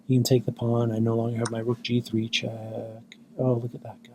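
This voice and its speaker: A tired man giving self-mocking, deadpan commentary on his own blitz chess games. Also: mid-range voice, fairly quick, noisy background. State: exhausted. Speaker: chess channel host.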